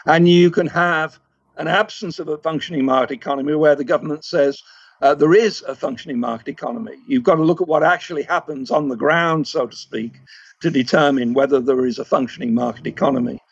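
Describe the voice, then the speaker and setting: A man speaking as a guest in a casual economics discussion, measured and hesitant, with frequent fillers. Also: a little high, gravelly, no echo, muffled recording.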